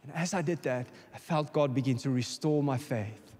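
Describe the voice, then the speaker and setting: A man's voice: mid-range voice, moderate pace, a little mellow, breathy edge. South African man preaching in a reverberant hall. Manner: impassioned, repeats words when stirred, calls for congregation response. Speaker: guest preacher. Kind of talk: sermon. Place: church hall. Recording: long reverb of a church hall.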